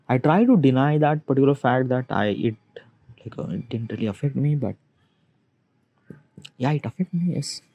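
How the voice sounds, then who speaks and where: Gravelly young man talking to himself. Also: on the low side, dark tone, dull audio. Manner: halting, rambling, questions himself aloud. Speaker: vlogger. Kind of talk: confessional self-talk monologue.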